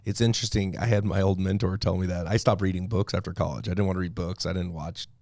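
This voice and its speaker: A podcast host from Idaho with a gravelly, fry-heavy voice that sits a little low. He rambles casually and leans on fillers while he talks. The sound is dry, with no room around it. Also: fairly even intonation, quick pace, darkish tone, no echo. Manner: rambling, conversational storyteller, many fillers. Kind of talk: casual interview chat.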